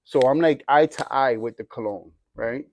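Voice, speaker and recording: Animated forty-something man telling a story. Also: mid-range voice, moderate pace, a little hiss or hum. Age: 40s. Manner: animated storyteller, acts out the voices of people in his story; streetwise slang. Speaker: guest sharing his testimony. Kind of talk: casual storytelling.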